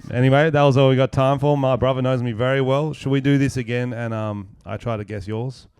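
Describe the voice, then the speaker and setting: An Australian man hosts his podcast with a smooth, resonant voice at a middle pitch. He swears constantly and rambles through his stories, laughing at his own jokes. The sound is dry and close. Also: fairly even intonation, a little fast, a little mellow, no room sound. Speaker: podcast host. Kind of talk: casual podcast storytelling.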